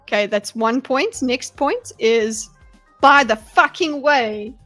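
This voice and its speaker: A woman live-streams her breakdown of a debate, talking bluntly and animatedly and swearing freely. Her voice sits high. Faint music plays quietly underneath. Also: slow. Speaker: livestream host analysing a debate. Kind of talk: live reaction commentary.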